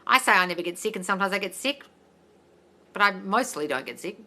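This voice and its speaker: An Australian woman, a mindset coach, answering viewer comments in a blunt, loud, sweary way during a casual live stream. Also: medium pitch, lively intonation, quick pace. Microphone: phone livestream.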